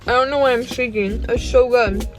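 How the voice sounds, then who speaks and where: A young woman vlogging casually into a phone camera, filling her talk with "like" and dropping soft and low between bites. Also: steady tone, moderate pace. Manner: chatty, many "like" fillers, soft and low during eating. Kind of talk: casual vlog chat. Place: car and fast-food restaurant. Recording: loud music bed under voice.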